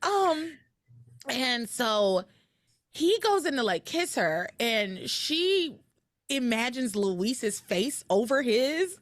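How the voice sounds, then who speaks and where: A woman hosting a podcast, recapping episodes in casual chat with animated storytelling and frequent laughter. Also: a little high, extremely slow, no room sound, studio quality. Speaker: podcast host.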